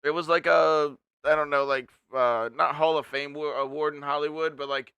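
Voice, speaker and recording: Rambling, laid-back man, slightly high voice. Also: steady tone, normal speed, pushed and bright, smooth, dry recording, lo-fi sound. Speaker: stream co-host. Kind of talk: casual stream chat.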